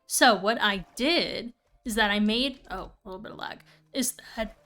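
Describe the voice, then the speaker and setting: A woman's voice: medium pitch, moderate pace, bright, forceful tone. A young woman casually chatting and thinking aloud while she plays a game on stream. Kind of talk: casual gameplay commentary.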